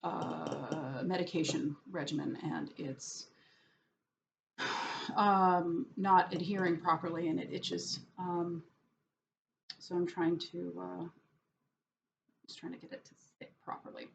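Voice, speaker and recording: Slow, wry New woman vlogging. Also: fairly low pitch, steady tone, vocal fry. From New York. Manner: hesitant, many fillers and restarts; wry, self-deprecating sarcasm. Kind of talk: casual rambling monologue. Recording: dull lo-fi audio with faint background noise.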